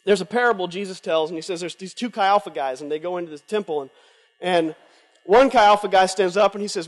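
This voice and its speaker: A man preaching a sermon at a conference, moving between loud urging and hushed confession before a live audience. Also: high-pitched, a little fast. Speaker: conference speaker. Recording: long hall reverb from a live event.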